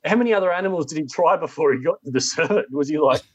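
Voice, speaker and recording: A man's voice: a little high, lively intonation, racing, slightly rough, no echo, dull audio. A man, a zookeeper guest on a podcast, crude and rambling with many restarts. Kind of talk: casual podcast chat.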